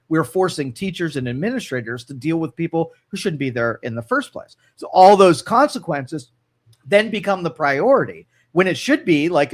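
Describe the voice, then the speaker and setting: A man co-hosting a radio talk show, opinionated and rambling, with frequent restarts and an Ohio accent. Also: fairly high pitch. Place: radio studio.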